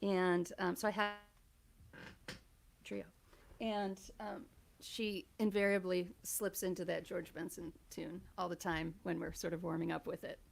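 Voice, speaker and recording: A woman singer-songwriter chatting casually and telling a quick story between songs. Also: on the low side, little pitch movement, creaky, slight background noise.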